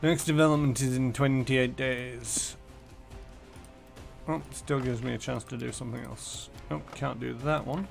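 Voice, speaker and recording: A man's voice: mid-range voice, steady tone, a little slow, creaky, faint music behind. A man streaming a game, muttering casually through menus and numbers. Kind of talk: casual gameplay commentary.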